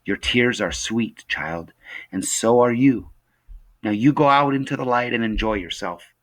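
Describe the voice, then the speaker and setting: A man voicing a gentle, sorrowful elderly woman in a storybook reading. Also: medium pitch, natural voice. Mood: tender. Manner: soft, slow, tender. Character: old woman Mrs Griffin, gentle and sad.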